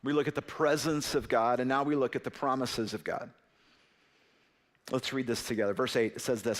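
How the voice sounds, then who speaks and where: A man's voice: medium pitch, steady tone, moderate pace. A man in his thirties preaching a sermon as a pastor, telling stories in a conversational way with frequent "right?" asides.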